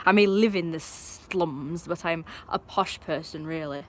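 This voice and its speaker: A woman's voice: low voice, fairly even intonation, normal speed, hardly any pauses, slight background noise. Chatty northern English woman streaming. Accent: northern English, put-on posh. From northern England. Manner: chatty, rambling, self-mocking. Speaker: live streamer. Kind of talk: casual live stream chat.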